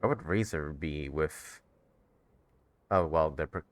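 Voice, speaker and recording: Deep-voiced man joking over a game. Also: slow, heavy background noise. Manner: joking, laughs often, swears. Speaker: gaming streamer. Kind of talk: casual let's-play commentary.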